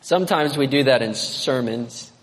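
A man preaching a sermon as pastor, animated, swinging between emphatic high notes and quiet asides. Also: moderate pace. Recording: long reverb of a large hall.

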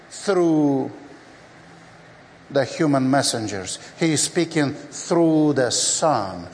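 A man preaching a sermon in a slow, deliberate way, with frequent fillers, acting out the scripture dialogues in lively voices. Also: medium pitch, a little hiss or hum. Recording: long hall reverb.

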